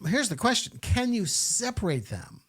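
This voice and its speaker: Male podcast host, lively higher voice, casual and questioning. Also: normal speed, husky. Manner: animated, rhetorical questioning with many fillers. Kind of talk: casual Catholic podcast chat.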